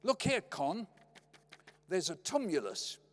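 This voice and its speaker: A man doing an enthusiastic older dad, high voice, proclaiming, reverberant hall. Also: wildly swooping pitch, takes it slowly, full character voice. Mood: excited. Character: enthusiastic older father, outdoorsy, fond of sayings.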